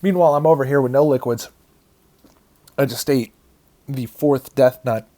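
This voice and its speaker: A man's voice: medium pitch, normal speed, dark tone. A man narrating a commentary track over his own video in a casual, profane style. He groans, hums and sighs as the heat of the chili peppers hurts him. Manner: casual, swears often, groans and hums through pain.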